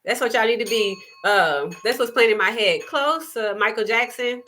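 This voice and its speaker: Woman, spiritual live-stream host; bright, forceful tone, preacher-like repeats, softens into gentle asides. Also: a little high, moderate pace, slight background noise. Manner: emphatic and repetitive, preacher-like cadence; shifts into soft, gentle asides to her child. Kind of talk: impassioned spiritual monologue.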